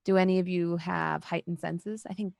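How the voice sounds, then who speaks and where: A woman's voice: fairly low pitch, fairly even intonation, moderate pace, gravelly, darkish tone, no echo. A woman narrating as storyteller in a tabletop role-playing game, describing scenes with lots of likes and kind-ofs.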